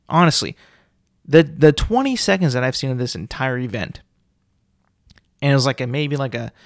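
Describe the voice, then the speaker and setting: A man on his podcast mic, ranting with loud, swearing exasperation. His voice swings widely up and down as he riffs. The sound is close and dry, with no room echo at all. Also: mid-range voice. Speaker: podcast host. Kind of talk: solo comedic rant.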